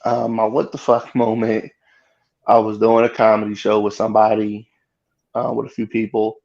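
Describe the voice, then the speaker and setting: A man, a guest comedian, telling a story in casual chat with lively, freely swearing delivery. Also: lowish voice, normal speed, vocal fry, lo-fi sound. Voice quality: animated retelling, swearing freely.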